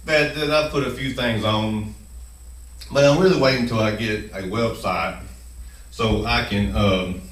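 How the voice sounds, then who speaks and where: A man's voice: fairly low pitch, a bit bright, echoey room, recorded from a distance, poor audio. A man hosting his own video channel, speaking nervously while chewing gum, with many fillers and restarts. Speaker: channel host. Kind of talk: nervous first-video monologue.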